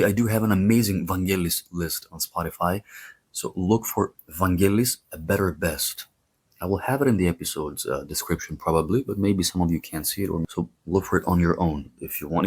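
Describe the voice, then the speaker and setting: A man's voice: deep voice, breathy edge. A man with a Greek accent hosting a podcast, telling stories in a chatty, digressive way with playful jokes. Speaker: podcast host. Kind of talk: casual podcast storytelling.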